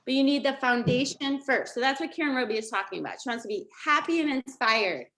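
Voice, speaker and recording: A middle-aged woman leading a live coaching session over a video call, energetic and checking in with her listeners again and again. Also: sits high, fast, a little hiss or hum. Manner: energetic, checks in often with "okay?" and "right?". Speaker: life coach.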